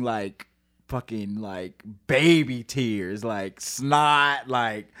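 A man from St. Louis, a singer-songwriter guesting on a podcast, telling his story in a casual, animated way with lots of fillers, swearing and laughter. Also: mid-range voice, slow. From St. Louis, USA.

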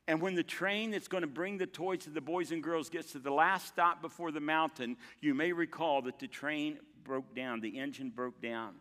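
An older man preaching a sermon as pastor, telling stories in a folksy way with dramatic pauses. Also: on the high side, fairly bright tone, long reverb tail. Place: church sanctuary.

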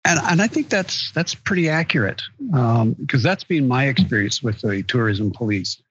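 A man co-hosting a travel podcast, chatting casually in an even, storytelling way. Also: mid-range voice, moderate pace, breathy edge, highs cut off. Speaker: podcast co-host. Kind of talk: casual panel chat.

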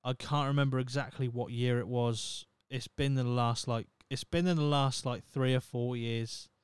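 A podcast host from Norfolk, England, in his thirties, talks alone on his casual show in a rambling, foul-mouthed, self-mocking way, with a Norfolk accent. He has a smooth, mid-range voice, fairly even intonation and a moderate pace, recorded without echo.

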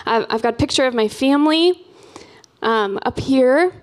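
Chatty young woman, higher voice. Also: normal speed. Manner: chatty, frequent "um" and "like" fillers. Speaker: campus missionary. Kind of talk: casual church talk.

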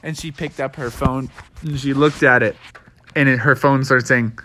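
A storyteller telling a made-up tale in an animated, casual way, acting out each character. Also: mid-range voice, moderate pace, no room sound.

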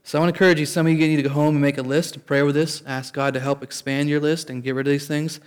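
A man's voice: fairly high pitch, flat delivery, very fast, clean tone. A man preaching a sermon as pastor, in a conversational way, often restarting and calling out for an amen.

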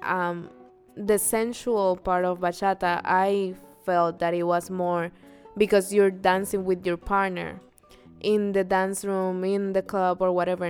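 Brief: female podcast co-host, easygoing and chatty. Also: medium pitch. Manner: relaxed, laughs easily, counts steps out. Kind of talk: casual chat about dancing.

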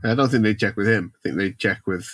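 Dry, husky podcast host. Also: male voice, fairly low pitch, quick pace, fairly bright tone, no echo. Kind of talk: comedic film podcast banter.

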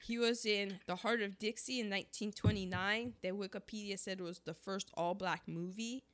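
A woman co-hosting a podcast in casual chat, talking with a sore throat and an animated manner. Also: moderate pace. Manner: animated, rising to high exclamations. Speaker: podcast co-host. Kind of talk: casual chat about old movies.

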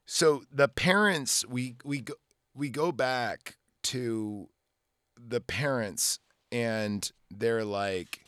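A man's voice: mid-range voice, drawn-out words, fairly bright tone, clean tone, dry recording. A man in his forties hosting a podcast, giving a casual, rambling movie recap with lots of swearing and filler words. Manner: rambling and profane, full of fillers. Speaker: podcast host.

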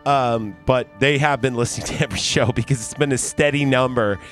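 A man's voice: mid-range voice, brisk, a bit bright, soft background music. A man hosting a podcast, telling a story in a casual, heated, profane way and quoting the people involved. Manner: heated, profane, retelling a fight with quoted dialogue. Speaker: podcast host.

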